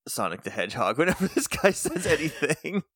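Brief: male co-host, slightly high voice, quippy and playful, dry close-miked sound. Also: very animated, fairly quick, a bit bright, breathy edge, dry recording. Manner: jokey, chimes in with quips and laughter. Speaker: podcast co-host. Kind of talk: casual chat recapping a show.

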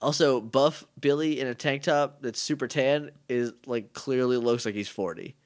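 A young man with a stuffed-up nose co-hosting a podcast, recapping an episode in animated casual chat and laughing often. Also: medium pitch, normal speed. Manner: animated, laughs often, acts out quoted lines. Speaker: podcast co-host.

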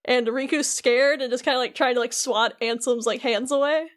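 A young woman with a high voice, speaking at normal speed, co-hosts a podcast. She casually recaps a video game in an animated, chatty way, peppering her talk with fillers, especially "like."

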